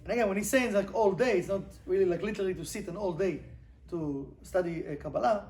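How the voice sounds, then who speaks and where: High-voiced man teaching Kabbalah. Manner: animated, rhetorical questions, reads Hebrew quickly then translates. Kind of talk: informal class lesson.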